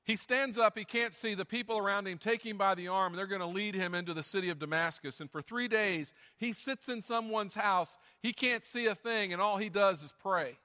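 Male pastor, high bright voice, conversational sermon with joking asides, reverberant church. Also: fairly quick, hardly any pauses. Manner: conversational, joking asides, reads scripture aloud. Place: church sanctuary.

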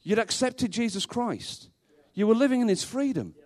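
A man's voice: very high-pitched, expressive, moderate pace, darkish tone. A male pastor preaching a sermon to a congregation in a church, emphatic, repeating rhetorical questions and dropping in dry humorous asides.

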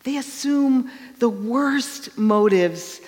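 A woman's voice: fairly high pitch, lively intonation, drawn-out words, a little mellow. Woman, pastor, conversational sermon, storytelling, reverberant church hall. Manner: conversational, storytelling with acted quotes.

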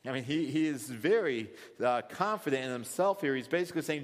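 A man's voice: medium pitch, lively intonation, fairly quick. A man teaching a Bible study, explaining scripture thoughtfully and acting out quoted lines. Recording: long hall reverb.

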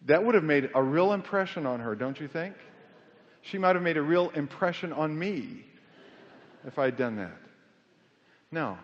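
A man's voice: fairly high pitch, animated, normal speed, long pauses. A middle-aged male pastor preaching a sermon in a church, conversational and self-deprecating, building to fervent emphasis. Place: church sanctuary. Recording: muffled sound with long hall reverb.

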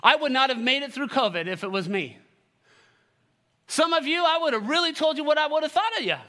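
A male pastor preaching a sermon, animated and joking, with sarcastic asides, reading scripture aloud and leading the congregation. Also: extremely high pitch, brisk.

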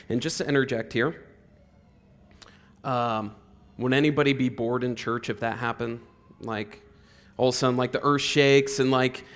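A man preaching a casual, conversational sermon in a church, full of "like" fillers and rising loud on repeated words. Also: medium pitch. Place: church hall.

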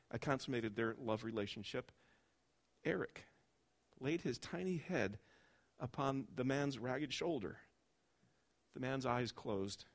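Man reading a story aloud, expressive. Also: creaky. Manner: expressive storytelling, dropping soft and low at tender moments.

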